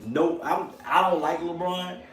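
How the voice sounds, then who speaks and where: A man hosting a livestream in casual chat, animated, slangy and profane, laughing often. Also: fairly high pitch, unhurried, reverberant. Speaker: channel host on a livestream.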